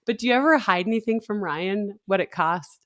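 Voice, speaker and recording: Woman, 30s, podcast co-host; chatty storyteller, mid-pitched, laughs easily. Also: fairly quick. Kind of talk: casual chat.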